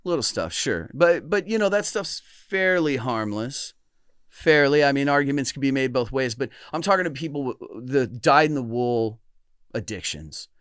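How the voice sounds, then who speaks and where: A middle-aged man with a smooth, resonant voice, recorded close and dry. He hosts a podcast in a reflective, earnest manner. He often restarts and stumbles over his words. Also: mid-range voice, animated, normal speed, fairly bright tone, no room sound. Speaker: podcast host. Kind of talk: casual chat.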